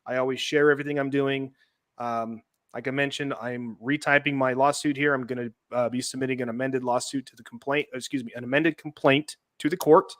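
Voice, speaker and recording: A man's voice: medium pitch, fairly even intonation, fairly quick, fairly bright tone, dry recording. A man hosting a casual podcast, chatting loosely, reading documents aloud and making laughing asides. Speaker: host.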